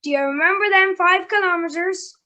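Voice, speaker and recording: A woman's voice: very high voice, fairly quick, bright, forceful tone, lo-fi sound. A woman hosting a casual interview, chatty and giggly, with lots of ums and likes. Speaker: interviewer and host.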